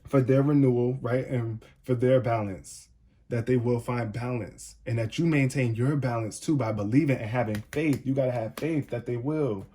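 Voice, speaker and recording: A man with a mellow, mid-range voice carrying a breathy edge gives a casual tarot reading to camera at a normal speed. Speaking directly to the viewer, he keeps repeating "it's like."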